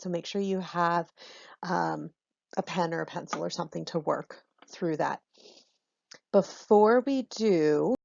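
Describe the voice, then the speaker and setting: Lady teacher walking through a lesson, lots of ums, kinda gravelly, sounds dull and lo-fi. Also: fairly low pitch, no echo. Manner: relaxed explanatory, frequent ums. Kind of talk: recorded lesson on Shakespeare's meter.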